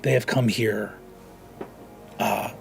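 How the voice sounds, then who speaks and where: A man's voice: fairly low pitch, steady tone, slow pace, creaky, soft background music. A man narrating as game master in a tabletop game, rambling with many fillers and restarts.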